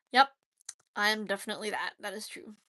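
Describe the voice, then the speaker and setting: A woman hosts her own YouTube channel in a casual livestream chat, her medium-pitched voice bright and forceful with no room sound. She's chatty and giggly, teasing herself as she talks.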